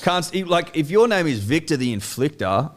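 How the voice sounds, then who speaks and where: A man co-hosting a crude comedic sports podcast, animated and sweary, his voice climbing when he rants. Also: fairly high pitch, fairly quick. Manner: animated, swearing, rising excitedly when ranting. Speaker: podcast co-host.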